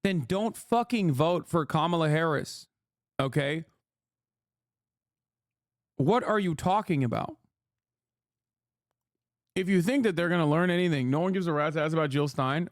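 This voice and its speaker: A man's voice: a little high, a little slow, long pauses, dry recording, clean studio sound. A man live-streaming, ranting at his chat in a profane, combative way. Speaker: live streamer reacting to a clip. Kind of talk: heated casual stream rant.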